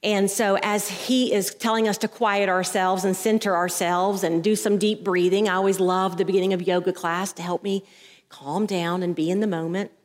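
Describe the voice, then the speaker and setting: A woman's voice: medium pitch, steady tone, moderate pace. A woman pastor preaching a sermon into a headset mic, telling stories and acting out the voices in them. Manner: storytelling, acts out voices in anecdotes. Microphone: headset mic at the ear. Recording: long hall reverb.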